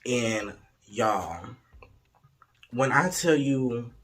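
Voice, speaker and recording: Husky young man telling a story. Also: mid-range voice, drawn-out words. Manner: frank, profane, playful storytelling; lively, slips into voices of people in the story. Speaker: vlogger. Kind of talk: casual storytime.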